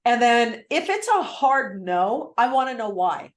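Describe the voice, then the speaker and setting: A woman's voice: fairly high pitch, measured pace, echoey room. A woman real estate coach teaching on a video call, talking with energy and acting out client replies. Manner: energetic, animated, acts out client lines.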